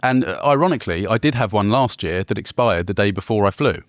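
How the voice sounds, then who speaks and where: An Englishman co-hosting a podcast in relaxed banter, his voice sitting low. He teases his co-partner playfully, and the recording is dry and close, with no room sound. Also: fast talker, no echo. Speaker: podcast co-host. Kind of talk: casual chat.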